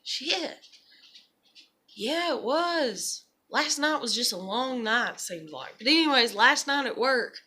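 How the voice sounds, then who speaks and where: Young woman rambling on her vlog, bright sharp voice, kinda high, keeps saying you know. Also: moderate pace, hardly any pauses. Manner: animated storyteller, filler-heavy, lots of "you know". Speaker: vlogger. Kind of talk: unplanned rambling monologue.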